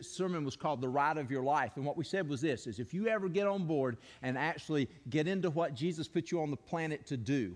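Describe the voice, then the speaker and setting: Guy preaching, kinda high voice, earnest storytelling, long echo like a big church hall. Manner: earnest storytelling, leads the congregation in call-and-response. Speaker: pastor. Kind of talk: sermon. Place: church sanctuary.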